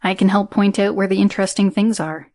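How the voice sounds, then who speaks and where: A woman's voice: mid-range voice, fairly even intonation, a little fast, a little mellow, close to an everyday voice. Cal, a woman voicing an eager friendly man. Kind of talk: audiobook character reading.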